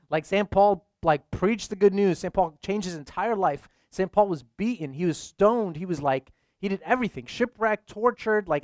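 A man's voice: high voice, no echo, clean studio sound. A young adult man, a priest, giving a casual, conversational sermon full of "like" fillers.

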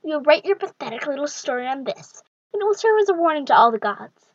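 A scornful death goddess barks orders in a high, commanding voice, as a woman reading a storybook puts her on. The sound is dull and lo-fi, and the room is dry and close. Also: sing-song, fast, no echo. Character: stern haughty female death goddess.

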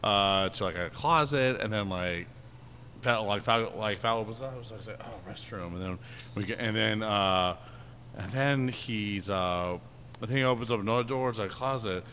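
A man's voice: fairly low pitch, normal speed, pushed and bright, a little hiss or hum. A man telling a long anecdote on a podcast, rambling and packed with fillers, breaking into laughs as he goes. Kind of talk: casual storytelling.

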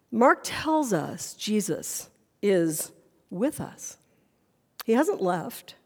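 A woman's voice: mid-range voice, sing-song, takes it slowly, a little mellow, long reverb tail. A woman pastor preaching a sermon in a church sanctuary, earnest and full of questions.

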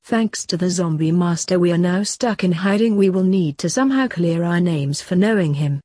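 A woman voicing a rash, snappish young vampire man, in a husky voice. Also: fairly low pitch, expressive, moderate pace, warm tone, dry recording, studio quality.

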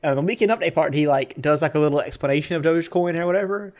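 A man's voice: on the high side, racing, darkish tone. A man co-hosting a casual podcast chat, sarcastic and joking, often laughing as he talks. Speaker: podcast co-host.

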